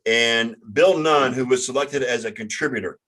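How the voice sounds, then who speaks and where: A man hosting a casual sports talk show, halting and often stumbling over his words. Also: mid-range voice, a bit bright. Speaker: sports podcast host.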